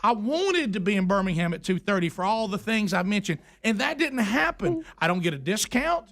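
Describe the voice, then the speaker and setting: High-voiced man hosting radio. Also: big pitch swings, a little fast, gravelly, fairly bright tone. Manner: emphatic, exasperated storytelling with repeated restarts. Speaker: radio show host. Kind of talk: animated talk radio storytelling. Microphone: studio microphone.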